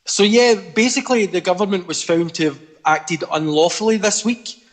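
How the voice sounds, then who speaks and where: Plain-spoken pastor on a video call. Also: male voice, high-pitched, normal speed.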